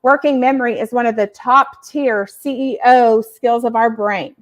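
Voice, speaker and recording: A woman podcast host explaining ideas to parents in an animated, emphatic teaching style. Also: a little high, normal speed. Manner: animated, emphatic, uses acted examples. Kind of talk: educational explaining.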